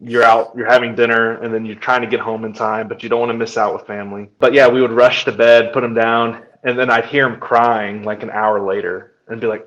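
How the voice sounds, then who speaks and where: A man's voice: fairly low pitch, level tone, brisk, lo-fi sound. A young man, a podcast co-host, chatting casually and telling family stories, acting out his son's lines. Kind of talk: casual chat.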